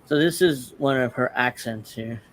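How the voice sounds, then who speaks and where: A man's voice: mid-range voice, moderate pace, fairly bright tone, a little hiss or hum. A man from the Northeastern United States hosting a casual political commentary show, talking in a mocking, chatty way with many restarts. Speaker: host.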